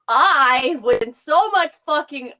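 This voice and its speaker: A woman's voice: high-pitched, sharp tone, low-quality recording. A young woman co-hosting a podcast, telling a story in casual chat, candid and swearing freely with bursts of laughter. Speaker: podcast co-host.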